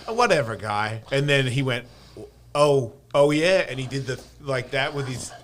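A man's voice: medium pitch, a little fast, fairly bright tone. A man telling rowdy, profane party stories with lots of laughter in a casual podcast chat. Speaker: guest storyteller.

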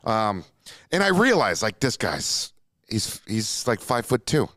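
A man hosting a casual podcast, telling a story with lots of swearing. His pitch rises and falls a lot as he acts out what people said. The sound is close and dry, with no room around it. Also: unhurried, no echo. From Minnesota. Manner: animated, profane, jumps into acted-out quotes. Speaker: podcast host.

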